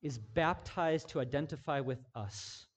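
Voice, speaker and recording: A male pastor preaching a sermon, moving between hushed, intimate passages and loud, emphatic declarations, repeating phrases for emphasis. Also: mid-range voice, a little slow.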